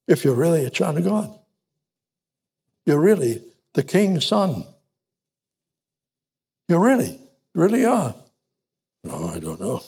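A man preaching a sermon in an emphatic, repetitive way, with frequent restarts and halting pauses. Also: on the high side, vocal fry, a little mellow, husky.

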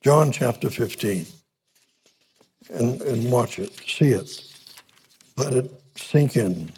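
A man preaching a sermon in an emphatic, repetitive way, with frequent restarts and halting pauses. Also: medium pitch, animated, warm tone, a little hiss or hum.

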